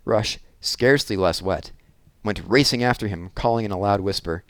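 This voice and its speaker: A man narrating a children's novel aloud in a measured, expressive reading. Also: lowish voice, no echo. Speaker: audiobook reader. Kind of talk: storybook narration.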